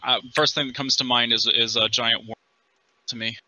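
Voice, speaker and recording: A man's voice: medium pitch, fairly even intonation, moderate pace, pushed and bright, muffled recording. A man playing a tabletop role-playing game with friends, chatty and easygoing. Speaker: player.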